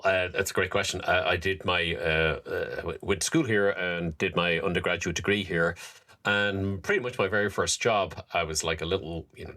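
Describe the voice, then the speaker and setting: A man in his fifties with a Dublin Irish accent, a podcast guest in casual interview chat who tells lively, self-deprecating stories full of fillers and restarts. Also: low-pitched. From Ireland.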